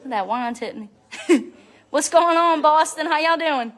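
Giggly high bright-voiced young woman. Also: a little slow. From Louisiana. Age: young adult. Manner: giggly, chatty, reads out fan comments. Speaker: reality show personality. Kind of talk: casual livestream chat with fans. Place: at home with family. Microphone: phone livestream.

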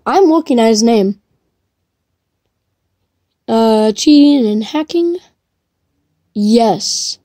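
High, excitable young woman gamer. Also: drawn-out words, long pauses, no echo, clean studio sound. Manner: excitable, shrieks and laughs when chased. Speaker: gamer streaming live play. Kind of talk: reactive gameplay commentary.

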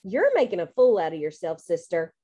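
A woman's voice: on the low side, huge pitch swings, fairly quick, warm tone, voice pushed down. A woman voicing a dismissive young girl dressed as a fairy in a storybook reading.

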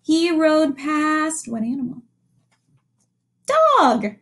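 A woman's voice: sits high, measured pace. A young woman teacher reading a picture book aloud to children and asking them questions along the way. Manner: animated storytelling with questions to young listeners.

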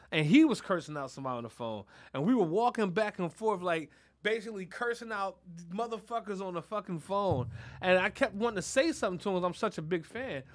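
A man hosting a podcast in casual chat, telling animated stories full of cursing and laughter. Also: high voice. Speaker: podcast host.

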